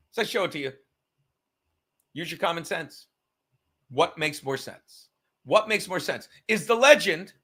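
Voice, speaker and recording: A man's voice: high voice, pushed and bright. A man hosting a livestream, ranting and mocking in a profane, combative way. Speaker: livestream host.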